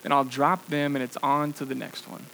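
A young man preaching with an animated story full of fillers, acting out what he said in the past. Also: medium pitch, moderate pace, creaky, slight background noise, poor audio. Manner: animated storytelling with many fillers, acts out his own past lines. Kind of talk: sermon illustration, personal story.

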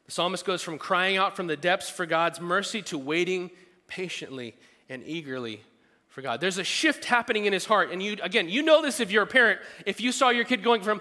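A middle-aged man preaches a sermon in a bright, fairly high voice. He stays animated and throws in playful asides and little acted-out voices. His words ring out with a long reverb, as in a large church hall. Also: a little fast. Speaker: pastor.

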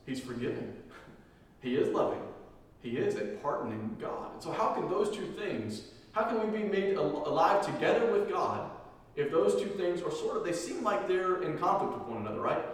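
A man's voice: on the high side, lively intonation, moderate pace. Male pastor, emphatic sermon delivery, repeats key lines, recorded from a distance in a big reverberant hall. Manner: emphatic preaching, repeating key phrases, swinging between loud and hushed. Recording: echoey hall from far off.

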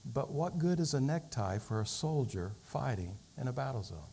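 A man's voice: medium pitch, expressive, moderate pace, creaky, dark tone, slightly rough. A man preaching a sermon, telling a story and building to fervent emphasis. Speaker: pastor.

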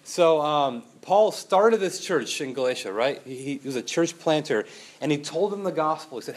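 A young man preaches in a loose, conversational way, his voice sitting a little high for a man. He stays animated throughout and keeps throwing rhetorical questions at his listeners. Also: normal speed. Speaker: pastor. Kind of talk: sermon.

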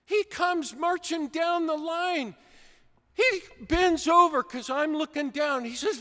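Preacher, male, high bright voice, unhurried animated storytelling, long reverb of a big hall. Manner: animated storytelling, acting out a shouting coach. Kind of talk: sermon.

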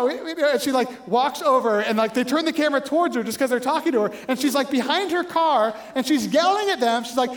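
Male pastor, very high voice, casual storytelling sermon. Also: quick pace, hardly any pauses. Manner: conversational, animated storytelling with frequent "right?".

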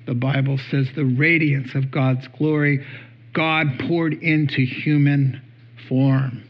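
A man's voice: a little high, dull audio. A man preaching a sermon as pastor, earnest and building to emphatic peaks.

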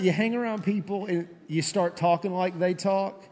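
A man with a Southern accent preaching a sermon as pastor, shifting from loud, high-pitched preaching to low, soft intensity. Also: normal speed, slight background noise. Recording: long hall reverb.

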